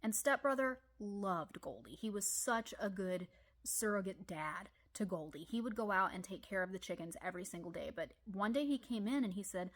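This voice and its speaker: A woman with an Ozarks accent telling comic personal stories, animated with deadpan asides. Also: mid-range voice, normal speed. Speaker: storyteller. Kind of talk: comedic personal storytelling.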